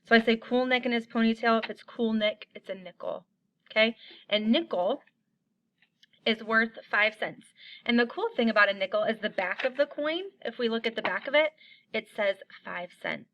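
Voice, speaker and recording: A woman's voice: a little high, fairly bright tone, lo-fi sound. Upbeat woman teaching young kids. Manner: upbeat, encouraging, chants rhymes slowly for children to repeat. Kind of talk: online lesson for young children.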